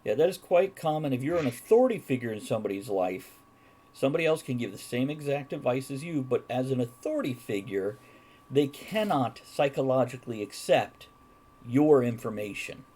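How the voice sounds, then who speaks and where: Male stream host, lively swooping delivery, reads chat and laughs a lot. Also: medium pitch, fairly quick, husky. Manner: reads chat comments aloud, chuckles often. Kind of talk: live-streamed casual chat.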